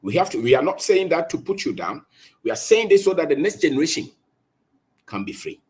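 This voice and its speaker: A man's voice: fairly high pitch, very animated, a little fast, darkish tone, breathy edge. A man with a Ghanaian accent giving an impassioned, preachy talk, repeating his points for emphasis. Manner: emphatic, preachy, repeats phrases, switches between English and Twi. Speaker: speaker on colonisation.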